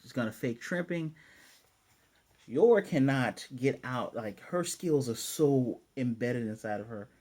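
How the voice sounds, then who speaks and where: Husky, mellow-voiced man recapping an episode. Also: medium pitch, animated, measured pace. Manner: loose, chatty retelling with fillers. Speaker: anime reviewer.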